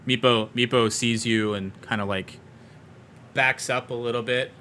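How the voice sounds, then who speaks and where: A man's voice: mid-range voice, fairly even intonation, measured pace, pushed and bright, slight background noise. Man running a tabletop game, rambling. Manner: loose, rambling with many fillers. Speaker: game master.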